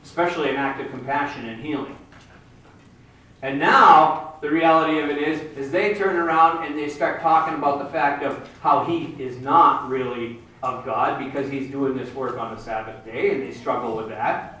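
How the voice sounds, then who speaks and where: A man's voice: medium pitch, steady tone, moderate pace, sharp tone. A man preaching a sermon, retelling a Bible story and acting out the characters' voices. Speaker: pastor. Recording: very echoey hall, mic at a distance.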